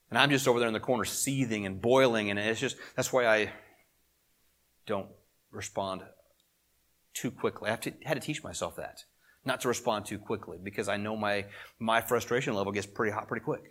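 A middle-aged man preaching a sermon in a conversational way, swelling to emphasis and dropping to quiet asides. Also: mid-range voice. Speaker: pastor.

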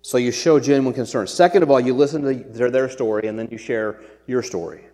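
A middle-aged man delivers a sermon as a pastor, earnest and chatty, stumbling over and restarting phrases as he goes. His voice is mellow and warm, carried on the long reverb of a church hall. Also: mid-range voice, fairly quick. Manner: earnest, conversational preaching with frequent restarts.

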